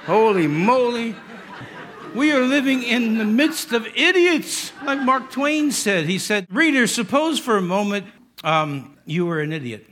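A man's voice: extremely high pitch, animated, a little slow, pushed and bright. A middle-aged man with a New York accent, a pastor preaching a sermon in a joking, conversational way with asides.

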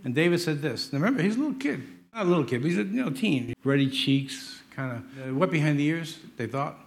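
Emphatic preacher with a raised voice. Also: male voice, on the high side, lively intonation, fast, gravelly. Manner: emphatic, joking, acts out stories. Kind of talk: sermon.

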